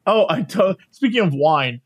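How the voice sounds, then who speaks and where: A podcast co-host spins a travel anecdote in a casual, animated way, breaking into laughter and playing the people in it. His voice sits high and swoops all over. He sounds like he is talking into a poor microphone. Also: normal speed, slightly rough. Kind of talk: casual chat, storytelling.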